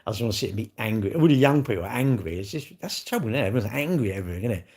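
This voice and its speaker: An older man, chatting loosely and bluntly to his livestream viewers. He jokes and swears freely, and his voice sits fairly low. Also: expressive, racing, a little mellow. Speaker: livestream host. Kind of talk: casual chat with viewers.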